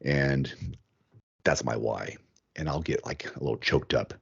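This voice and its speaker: Podcast host, male, low voice, animated and chatty, dull lo-fi sound. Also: unhurried, gravelly, slightly rough. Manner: animated, thinks aloud, repeats words. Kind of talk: casual chat.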